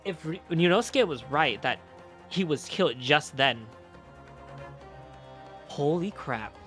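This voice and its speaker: A man streaming a video game and reacting out loud. His commentary is animated and excitable, and his pitch swings a lot. Faint music plays under his voice. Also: slow pace. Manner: animated, excitable, swears, laughs.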